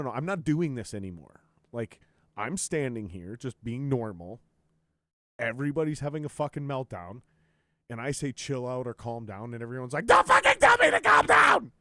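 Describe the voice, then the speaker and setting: A man hosting a podcast, telling stories in a profane, ranting way and loudly acting out what others said. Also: mid-range voice, no echo. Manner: profane, ranting storyteller, quotes others in raised voice. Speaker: podcast host. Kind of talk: casual chat.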